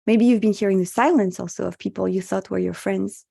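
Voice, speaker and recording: A woman rabbi speaks in a mellow, dark voice with a touch of gravel, at a middling pitch. She teaches in an earnest, reflective way and mixes in Hebrew religious terms, heard over a video call. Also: steady tone, a little fast. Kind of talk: spoken teaching at an online meditation session.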